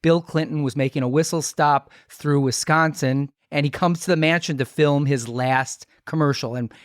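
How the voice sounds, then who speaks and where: A man's voice: a little high, fairly even intonation, normal speed, no room sound, clean studio sound. A middle-aged man hosting a podcast, swapping rambling anecdotes in casual chat. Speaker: podcast host.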